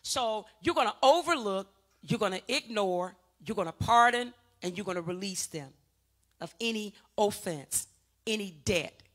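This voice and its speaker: A woman pastor preaching a sermon, urging the congregation on with call-and-response and swinging from loud emphatic peaks to quiet teaching. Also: mid-range voice, lively intonation, normal speed.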